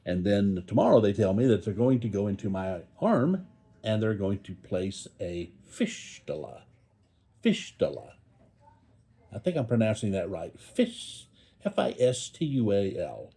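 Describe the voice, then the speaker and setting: Older male vlogger, low husky voice, animated, folksy rambling from a hospital bed. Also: moderate pace. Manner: rambling, folksy, joking asides. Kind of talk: casual talk to camera. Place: hospital room.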